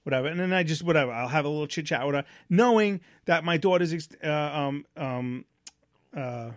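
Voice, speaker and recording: On a relaxed podcast about family life, this co-host, a dad of young kids, tells blunt, rambling stories packed with fillers, restarts and offhand swearing. His voice is on the high side and fairly quick, recorded at studio quality with no room sound.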